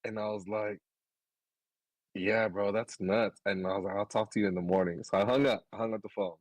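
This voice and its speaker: Low-voiced man telling a crude story. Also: fairly quick, no room sound, rough recording. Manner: animated, swearing, laughing through the story. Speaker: podcast co-host. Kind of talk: casual storytelling chat.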